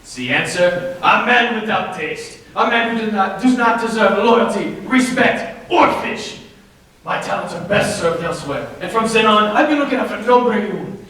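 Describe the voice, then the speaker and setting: A man's voice: high voice, expressive, moderate pace, a bit bright. A teenage boy acting on a school stage as a scheming chef who puts on a fake French accent in a comedy. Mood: grandiose. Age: teens. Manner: theatrical, jumpy, faux-French. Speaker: student actor. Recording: echoey auditorium from far off.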